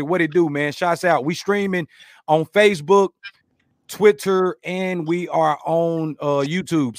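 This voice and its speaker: A man hosting a podcast, chatting casually, joking, rambling through stories and giving shout-outs to listeners. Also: a little high, dry recording, clean studio sound. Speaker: podcast host.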